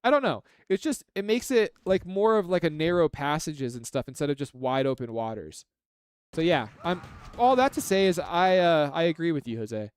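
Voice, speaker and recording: A man's voice: a little high, expressive, moderate pace, smooth, no room sound. A man giving casual live commentary on a strategy game, chatty and analytical, with lots of filler words. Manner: chatty and analytical, heavy use of "like".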